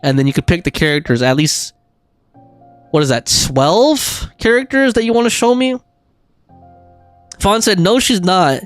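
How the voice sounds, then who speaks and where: A man's voice: high-pitched, expressive, normal speed, long pauses, dry recording, faint music behind. A man streaming a game, chatting casually and reading viewer messages aloud, with frequent laughs and fillers. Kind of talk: casual gaming livestream chat.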